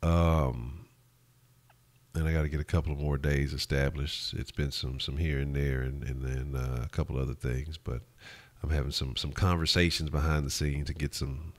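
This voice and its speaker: A host talks sports in a loose, profane ramble, often restarting his sentences. His voice sits extremely low, a very deep bass. He chats casually and keeps answering viewers. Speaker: sports talk show host. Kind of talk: casual live-stream sports talk, answering chat.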